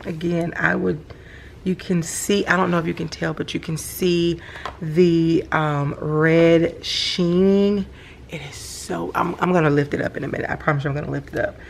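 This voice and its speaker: Low, gravelly woman gushing. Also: normal speed, slight background noise. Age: middle-aged. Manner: chatty, gushes with excitement. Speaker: planner vlogger. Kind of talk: casual show-and-tell vlog. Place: home at night, indoors.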